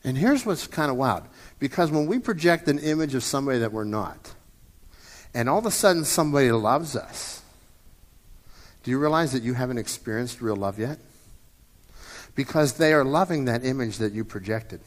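A man's voice: medium pitch, expressive, moderate pace, pauses often, in a large hall. A man in his fifties preaching a sermon as a pastor, in a conversational way that often repeats and restarts words. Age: 50s.

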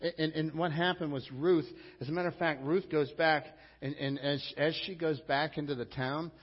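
A man preaches a sermon in a fairly high, emphatic voice, talking to the congregation in a conversational way. The recording is dull and lo-fi, and a long reverb trails after his words. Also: fairly even intonation, moderate pace, husky. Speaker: pastor.

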